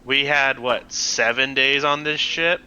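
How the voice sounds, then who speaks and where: A man playing a tabletop game, chatting casually and laughing a lot, excitable with quick asides. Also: mid-range voice, slight background noise, low-quality recording. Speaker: player.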